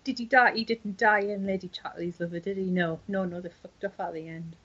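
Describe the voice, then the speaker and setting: A woman co-hosting a podcast in casual chat, teasing and quick to laugh. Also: medium pitch, steady tone, a bit bright, husky, dull audio. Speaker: podcast co-host.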